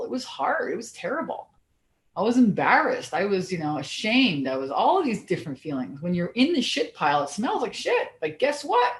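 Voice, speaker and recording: A woman business coach giving an energetic, blunt motivational talk, swearing casually as she goes. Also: medium pitch, echoey room.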